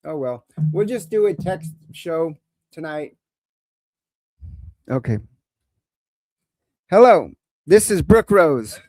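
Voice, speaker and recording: Fairly high and animated, a little mellow, this man's voice moves slowly with frequent pauses on a dry recording. He hosts a live call-in show, chatting casually in a rambling, crude way and joking through the technical difficulties he's struggling with.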